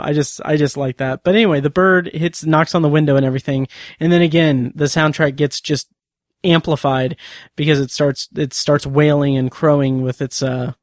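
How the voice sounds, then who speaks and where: A man's voice: a little high, no echo, studio quality. A man hosting a podcast, casually recapping and reviewing a TV episode in a rambling way, with many fillers and restarts.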